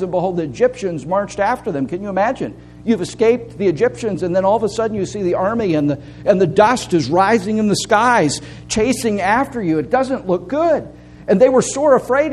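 High-voiced male pastor preaching. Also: darkish tone, slight background noise. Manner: preaching, rising to a raised voice in appeals. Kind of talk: sermon.

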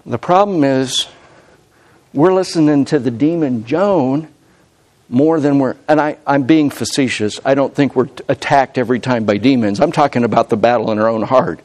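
Conversational male pastor preaching. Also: normal speed. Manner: conversational preaching with repeated restarts and self-corrections; climbs loud and high when quoting God's voice. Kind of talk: sermon.

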